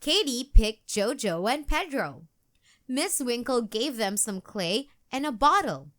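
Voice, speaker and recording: Children's read-aloud narrator, woman; gentle, expressive, lively melody. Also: a little high, takes it slowly. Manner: gentle, expressive, sing-song. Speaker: children's book reader.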